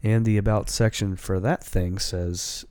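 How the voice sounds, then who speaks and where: A man's voice: on the low side, fairly even intonation, a little slow, a little mellow, no echo. A man hosting a casual chat, reading a story aloud in an amused, laid-back way and swearing casually.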